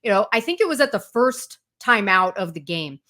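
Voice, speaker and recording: A woman's voice: mid-range voice, very animated, normal speed, pushed and bright. A woman sports reporter, a guest on a sports talk show, explaining in fluent detail and retelling anecdotes with energy. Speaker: college football reporter, guest.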